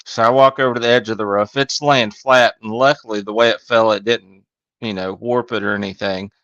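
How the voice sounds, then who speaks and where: A man's voice: lowish voice, steady tone, fairly quick, a bit bright, no room sound. A man co-hosting a casual podcast, telling a work story with self-deprecating wry humor. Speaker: podcast co-host, HVAC technician. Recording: dull, dry lo-fi audio.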